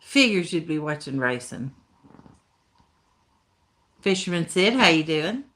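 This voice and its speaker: Woman, Appalachian accent, live-stream host, folksy, laughs a lot, slow, lively pitch. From Tennessee, USA. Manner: laughs often, folksy talk. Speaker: livestream host reading chat. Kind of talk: casual live-stream chat.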